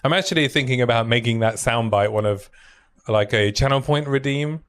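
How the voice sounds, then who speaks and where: A man's voice: medium pitch, a little fast, fairly bright tone, clean tone. A man streaming a game in a casual, chatty way, thinking aloud and reading out item stats as he plays. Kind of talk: casual gaming stream commentary.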